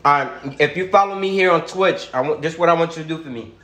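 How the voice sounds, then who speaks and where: Hombre joven en transmisión en vivo, sala con eco. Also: male voice, a little high, quick pace, fairly bright tone, echoey room. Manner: supportive, says "bro" and "you feel me" often. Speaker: livestream host. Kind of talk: casual video call chat. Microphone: video call.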